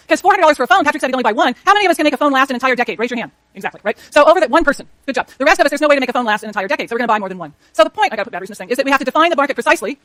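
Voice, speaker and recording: A middle-aged woman gives a university economics lecture at a very quick clip, her voice sitting high. She talks to the class in a chatty way and keeps putting questions to the students. The sound is dry and close. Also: fairly bright tone, no room sound.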